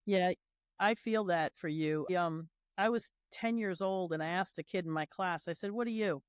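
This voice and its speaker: Animated storytelling woman, dry close sound. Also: lowish voice, normal speed, clean tone, dry recording. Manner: animated storyteller, acts out quoted voices. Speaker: guest, heritage tour organizer. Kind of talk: casual panel conversation.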